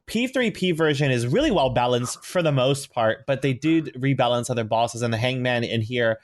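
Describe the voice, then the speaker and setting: A man co-hosting a podcast, talking about a game in a halting way that stumbles and repeats words. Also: mid-range voice, expressive. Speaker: podcast co-host. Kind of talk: casual game chat.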